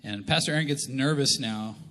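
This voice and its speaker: A middle-aged Canadian man preaching a humorous sermon, telling stories and acting out quotes with animated delivery. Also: medium pitch, fairly quick. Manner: animated, jokey, acts out quotes. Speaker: pastor. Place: large church hall. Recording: live church hall reverb.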